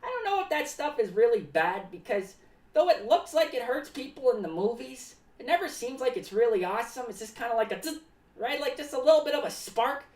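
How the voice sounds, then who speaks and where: Zany clown, played by a woman, high and bouncy, rambles about himself in the third person, roomy sound. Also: big pitch swings, a little fast, darkish tone, far from the mic. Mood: rambling. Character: rambling eccentric clown, paranoid about cats. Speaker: streamer in clown character. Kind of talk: live-stream clown character monologue. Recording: echoey room, voice away from the mic.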